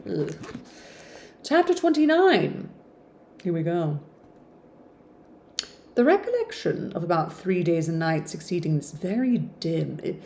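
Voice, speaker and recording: A woman's voice: fairly low pitch, warm tone. A woman reading a classic novel aloud in a casual way, breaking off for chatty, playful, self-deprecating asides.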